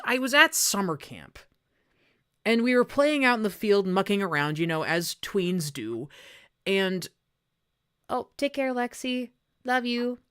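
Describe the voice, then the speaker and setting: A woman's voice: medium pitch, a bit bright, clean tone. A woman voice actor chatting casually on an art stream, telling rambling stories. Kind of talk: casual chat while drawing on stream.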